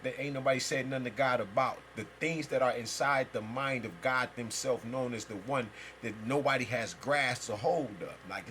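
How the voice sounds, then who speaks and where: A man's voice: mid-range voice, fairly bright tone, a little hiss or hum, rough recording. Male spiritual teacher, mid-range voice, loose and emphatic, swears freely while riffing. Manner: rambling, emphatic and profane, with heavy slang. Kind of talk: free-flowing spiritual monologue.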